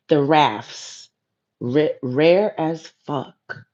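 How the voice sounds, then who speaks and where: A woman's voice: low voice, extremely slow, darkish tone, lo-fi sound. A woman hosting a casual spiritual livestream, laid-back and playful, talking straight to viewers in her chat. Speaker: livestream host.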